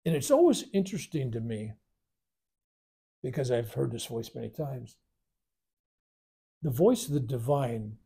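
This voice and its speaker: A man with a gravelly, husky voice tells a spiritual story to a workshop. His tone is dark and mellow, and he rambles while acting out the voices he quotes. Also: medium pitch. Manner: rambling, animated retelling with acted quotes. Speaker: spiritual teacher. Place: workshop room.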